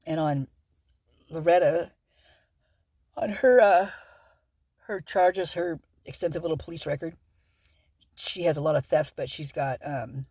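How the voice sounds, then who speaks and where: A woman's voice: deep voice, measured pace, long pauses, darkish tone, dry recording, studio quality. A woman hosting a true-crime channel, reading through a legal document aloud in a casual, rambling way with many fillers and self-corrections.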